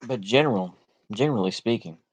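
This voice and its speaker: A man's voice: on the low side, fairly quick, slightly rough. A man with a Texan accent giving a casual political monologue, blunt and sarcastic, rambling with lots of fillers and repeated "like I say.". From United States. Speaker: political commentary vlogger.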